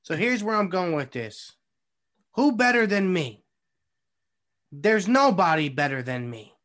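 A man's voice: high voice, sing-song, unhurried, a bit bright. A man co-hosting a podcast, bragging with over-the-top confidence in casual comedic banter. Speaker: podcast co-host.

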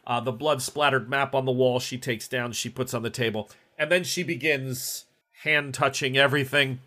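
Relaxed man running a tabletop game. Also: medium pitch, normal speed. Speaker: game master.

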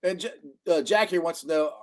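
A man hosting a casual sports podcast, chatty and excitable, laughing often. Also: on the high side, fairly quick. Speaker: podcast host.

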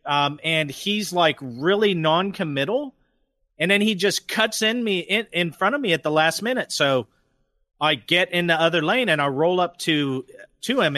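A man on a casual podcast telling a profane, animated story about his past, with lots of restarts and swearing, in a studio. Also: on the high side, no room sound. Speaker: podcast guest. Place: radio studio. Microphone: studio microphone.

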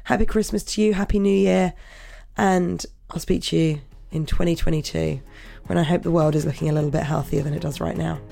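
A woman hosting a podcast, with a croaky voice, interviewing a guest and then signing off with enthusiastic praise. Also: deep voice, fairly even intonation, brisk, mellow, faint music behind. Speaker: podcast host.

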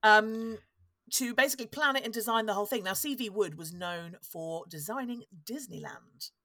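Female podcast host, wry storyteller, medium pitch, dry close mic. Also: moderate pace, sharp tone, no echo. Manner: chatty, wry, self-interrupting. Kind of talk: casual storytelling chat.

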